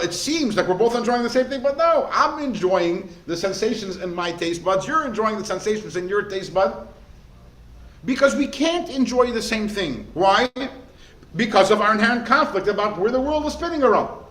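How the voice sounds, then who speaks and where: A man, a rabbi teaching a class, in a lively way, often asking the listeners questions. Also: high-pitched, normal speed. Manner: animated, asks the class rhetorical questions. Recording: echoey room with faint noise.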